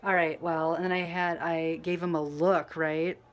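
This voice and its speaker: A woman vlogging casually to camera, telling a rambling story full of fillers and restarts, mostly quiet and low, getting louder when she acts out what people said. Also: flat delivery, moderate pace. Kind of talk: casual storytelling to camera while dyeing her hair.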